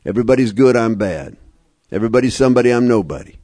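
A man's voice: mid-range voice, lively intonation, fast, dark tone. Emphatic man sharing at a meeting. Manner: emphatic, repetitive, wry storytelling. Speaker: speaker at a recovery meeting. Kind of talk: personal recovery talk to a live group.

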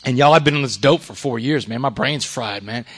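A middle-aged man giving an earnest recovery testimony to a live audience, swinging from loud emphasis to hushed confession. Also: mid-range voice, brisk, breathy edge. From Texas. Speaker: recovery speaker.

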